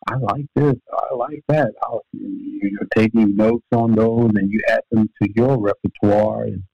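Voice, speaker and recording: An older Louisiana man, formerly a basketball player and coach, recounts stories without hurry in a podcast interview, his speech dotted with fillers and restarts. The voice is lowish, gravelly and slightly rough. He's in a home office, and the remote audio comes through dull, lo-fi and dry with no echo.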